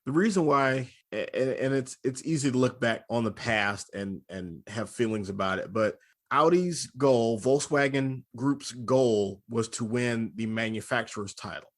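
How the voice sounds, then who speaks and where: Relaxed male car-show host. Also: mid-range voice, measured pace. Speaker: podcast host. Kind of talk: casual chat and car commentary.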